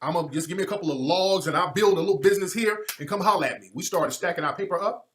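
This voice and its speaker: A man delivering a heated, profanity-laced monologue as a commentator. His voice sits a little high for a man. He hammers his points home with preacherly repetition, rising into loud bursts and then dropping to a low mutter. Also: rapid-fire. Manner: emphatic, swings between loud outbursts and low muttering. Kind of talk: impassioned monologue.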